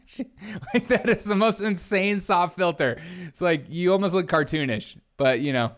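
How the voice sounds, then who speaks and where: A man's voice: medium pitch, fairly bright tone, clear, resonant tone. A man hosting a casual political live stream, joking and sarcastic, laughing often as he reacts to clips and chat.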